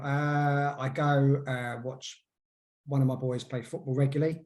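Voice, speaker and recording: A man's voice: medium pitch, flat delivery, measured pace, a little mellow. A man in his forties, a podcast guest telling stories in a hesitant way, full of ums and restarts. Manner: hesitant, filler-heavy storytelling. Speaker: guest, hypnotherapist. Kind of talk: casual podcast interview.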